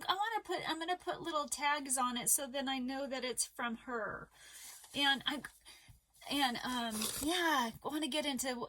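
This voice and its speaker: A middle-aged woman vlogging casually to camera about crochet mail, her voice going hoarse, halting and emotional with many fillers and restarts. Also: high voice, fairly bright tone. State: losing her voice.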